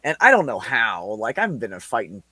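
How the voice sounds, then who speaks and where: A man's voice: mid-range voice, quick pace, breathy edge, no room sound. A man in his forties, a podcast host telling a story in casual, heavily profane chat. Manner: profane, animated anecdote with laughs.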